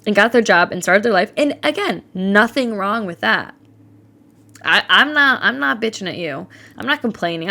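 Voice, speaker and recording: Candid young woman venting on her podcast. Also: medium pitch. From Ohio. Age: 20s. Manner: candid and animated, swears freely, quotes people in mimicked voices. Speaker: podcast host. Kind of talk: casual solo podcast monologue.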